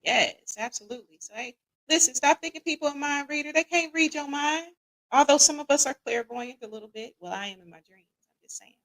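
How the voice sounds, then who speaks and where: A chatty woman hosts a live podcast, quizzing her audience and reading their comments back. Her voice sits a little high, and she talks in a relaxed, easygoing way. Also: fairly quick, poor audio. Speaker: podcast host. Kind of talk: casual live-stream chat.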